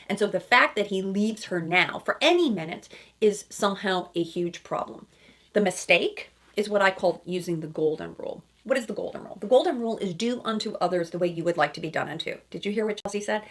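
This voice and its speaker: Woman, couples therapist, reaction commentary, emphatic, mid-pitched. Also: fairly quick, a bit bright. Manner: emphatic, acts out quoted lines in other voices; frequent checking-in asides.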